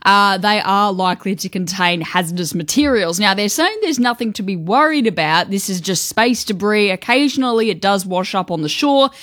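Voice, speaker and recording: A woman's voice: mid-range voice, moderate pace, few pauses, a bit bright, dry recording. Aussie woman morning radio host, giggly and self-mocking, dry close studio sound. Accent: Australian. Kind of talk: chatty morning radio banter. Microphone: studio microphone.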